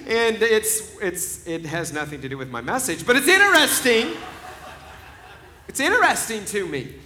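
A man in his forties preaching a sermon with a bright, forceful voice that sits a little high. He tells stories in an easy, conversational way and turns loud with emphasis. Faint room ambience sits behind him. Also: big pitch swings, normal speed, a little hiss or hum. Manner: conversational storytelling, rising to loud laughing emphasis. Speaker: pastor.

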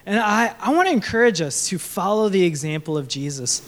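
A man's voice: high voice, animated, fairly quick. A young man preaching a sermon in an earnest, conversational way, often restarting his sentences and asking the audience questions. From Sri Lanka. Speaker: pastor.

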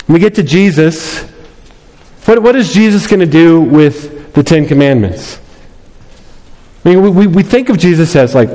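A fairly high-voiced male pastor preaching with emphasis, doubling back on key phrases and slipping into little acted voices. His words ring out with a long reverb, as if from a large sanctuary. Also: expressive, moderate pace, a little mellow. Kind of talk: sermon.

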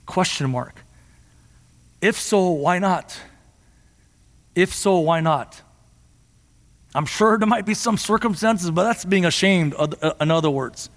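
A man preaching a sermon in a church, impassioned and at times rising to near shouts. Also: high-pitched, a little slow, long pauses, long reverb tail. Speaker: pastor.

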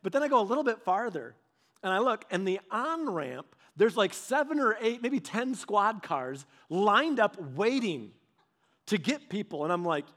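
A man in his thirties delivers a relaxed sermon in a noticeably high voice, talking the way he would chat with friends. He keeps slipping into quick impressions of the people in his anecdotes and restarts his sentences freely as he goes. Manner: animated, acts out quoted voices; conversational, with filler "like" and restarts. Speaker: pastor. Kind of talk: casual storytelling sermon.

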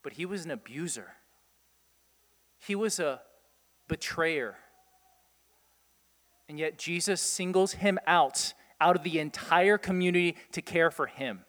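A man preaching a sermon, animated, asking his listeners rhetorical questions and chuckling often. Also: fairly high pitch, a little slow, long pauses, big-room sound. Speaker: pastor.

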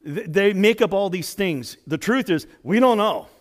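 A man preaching a sermon as pastor, dramatic, swinging between loud emphasis and hushed lines. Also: high voice, animated, moderate pace.

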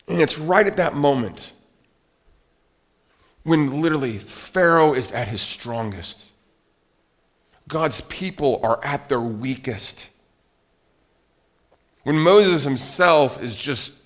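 Man preaching with dramatic swings in volume. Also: mid-range voice. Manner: expressive, swings between loud emphasis and quiet, drawn-out phrases; frequent self-corrections and restarts while reading scripture. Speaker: pastor. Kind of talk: sermon.

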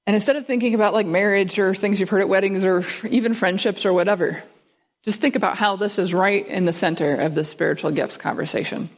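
A woman's voice: mid-range voice, fast talker. A woman giving a conversational sermon, teaching through a passage and asking her listeners questions. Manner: conversational, asks the audience questions. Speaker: guest speaker.

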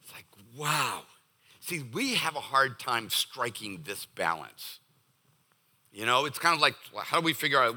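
A middle-aged man from the Boston area preaches in a loose, joking way, slipping into the voices of his listeners as he talks. His voice sits fairly high, swings widely in pitch and has a very bright, forceful edge. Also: moderate pace. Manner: animated and jokey, acts out listeners' voices. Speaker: pastor. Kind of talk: conversational sermon.

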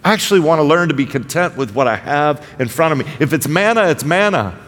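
A man's voice: expressive, quick pace, fairly bright tone. A man preaching a conversational sermon to a congregation, often checking in with "right?" and acting out quoted voices with sarcasm. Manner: acts out quoted voices with sarcastic rises in pitch. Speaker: pastor. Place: church sanctuary. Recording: hall reverb.

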